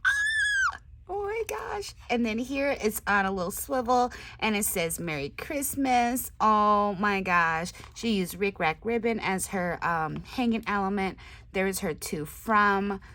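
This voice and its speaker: A woman hosting her crafting channel, chatting casually as she unboxes swap gifts, gushing with excited exclamations and soft whispered asides. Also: medium pitch, a little slow.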